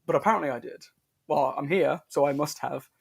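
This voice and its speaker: A man's voice: on the high side, brisk, gravelly, slightly rough. A man co-hosting a casual watch-party chat about a film, joking and laughing often. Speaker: co-host.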